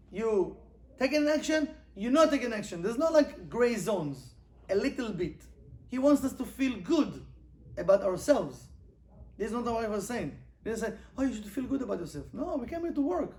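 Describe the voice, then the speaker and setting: High-voiced man teaching Kabbalah. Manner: animated, rhetorical questions, reads Hebrew quickly then translates. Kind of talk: informal class lesson.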